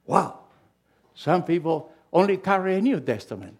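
A man preaching a sermon, reading scripture loudly and emphatically between quieter asides, with small grammar slips. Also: high-pitched, very animated, moderate pace, husky. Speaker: pastor.

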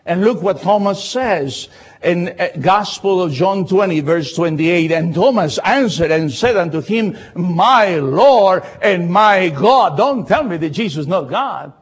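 Impassioned Latino preacher with husky voice. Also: male voice, lively intonation, moderate pace, lo-fi sound. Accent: Latin American Spanish. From Latin America. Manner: impassioned, repeats phrases, swings from shouting to low asides. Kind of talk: sermon.

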